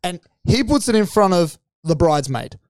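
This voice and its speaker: A man's voice: sits high, very animated, normal speed, no echo. A man, co-hosting a podcast and telling a story in casual, heavily sweary chat. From Australia. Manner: loud, sweary storytelling with acted quotes. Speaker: podcast co-host.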